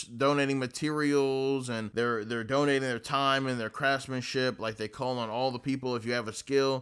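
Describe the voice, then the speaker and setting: A young man retells a movie plot in a relaxed, rambling way. He talks in slang, swears freely and leans on fillers. His voice sits at an ordinary middle pitch. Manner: loose, slangy, profane storytelling with many fillers. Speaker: movie reviewer. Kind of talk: casual movie recap.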